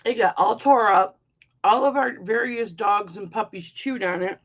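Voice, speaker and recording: A woman's voice: medium pitch, normal speed, a bit bright, muffled recording. A middle-aged woman hosting a live-stream jewelry auction, chatting casually and rambling playfully through stories.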